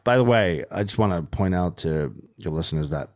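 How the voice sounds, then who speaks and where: A man from New York, a comedian guesting on a podcast, chatting in an animated, sarcastic way. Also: sits low, brisk. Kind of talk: casual chat.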